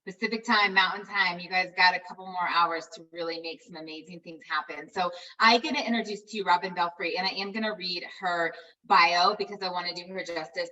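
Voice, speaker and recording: A woman hosts a team call and heaps effusive praise on her guest. Her voice is bright and forceful. She sits a little back from the microphone, so she sounds slightly distant. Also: fairly low pitch. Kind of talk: enthusiastic introduction on a team call.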